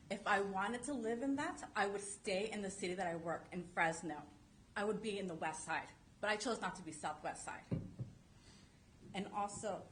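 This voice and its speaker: A woman's voice: medium pitch, slight background noise. A woman speaking as a resident during public comment at a city council meeting, emphatic and insistent, repeating her points.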